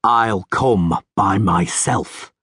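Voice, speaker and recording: A man voicing a calm, terse stranger with a resounding, metallic voice. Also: lowish voice, extremely slow, husky, dry recording, clean studio sound, full character voice. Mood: calm, cold.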